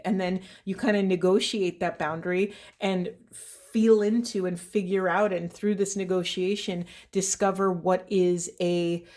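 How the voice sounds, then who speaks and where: A middle-aged woman giving an intuitive card reading as a spiritual coach, speaking softly and earnestly, with many pauses and fillers. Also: on the low side. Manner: soft, earnest and meandering, with many fillers and "right?". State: voice shaking with emotion.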